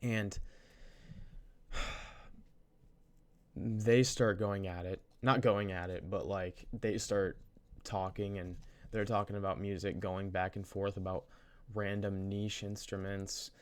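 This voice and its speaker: A man's voice: lowish voice, flat delivery, slow pace, long pauses. A young man casually telling a story from his college day, rambling, restarting his sentences and using slang. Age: young adult. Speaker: vlogger.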